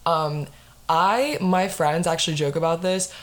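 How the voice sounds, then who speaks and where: A young woman in her twenties hosts a casual podcast chat. She tells her story in an animated way, swearing often and leaning on fillers, in a slightly low voice. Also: a little slow. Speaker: podcast host.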